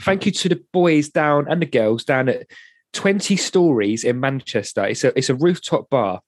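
Bloke hosting a podcast, slangy storyteller, pitch jumps all over. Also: male voice, animated, moderate pace, no room sound, clean studio sound. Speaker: podcast co-host. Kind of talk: casual chat.

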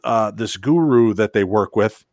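A man as a podcast guest in casual chat, telling a story with excitement and often repeating words as he goes. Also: fairly low pitch, a little slow, dry recording, studio quality.

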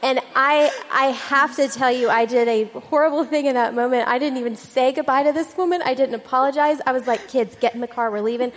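Woman, mother on a church panel, self-mocking storyteller, slightly high voice, echoey hall. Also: a little fast, hardly any pauses. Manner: animated, self-mocking anecdote teller. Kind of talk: storytelling on a stage.

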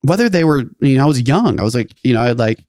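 A man's voice: mid-range voice, very animated, racing, darkish tone, dry recording, clean studio sound. A man co-hosting a podcast, telling a story in casual, rambling chat, full of fillers and acted-out quotes. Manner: rambling, filler-heavy, acts out quoted voices. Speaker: podcast co-host.

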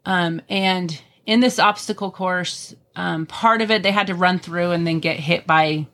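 A woman's voice: fairly low pitch, measured pace, fairly bright tone. A middle-aged woman telling family stories in a casual, earnest conversation, with many ums. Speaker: podcast guest.

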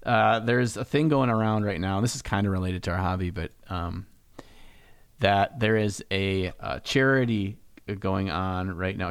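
A man's voice: fairly low pitch, clear, resonant tone, no echo. A young man co-hosting a casual hobby podcast, rambling and joking about himself. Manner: joking, rambling, self-mocking. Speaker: podcast co-host.

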